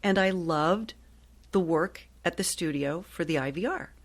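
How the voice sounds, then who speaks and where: A woman in her sixties from Ohio, a guest telling stories in a chatty, lively way with frequent laughs. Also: lowish voice, unhurried. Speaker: guest, actress and voiceover artist. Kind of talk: casual interview storytelling.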